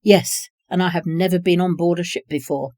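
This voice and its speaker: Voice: mid-range voice, steady tone, moderate pace, darkish tone, no echo, clean studio sound, close to an everyday voice. A reader voicing a polite, hopeful young man in an audiobook story. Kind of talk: audiobook reading.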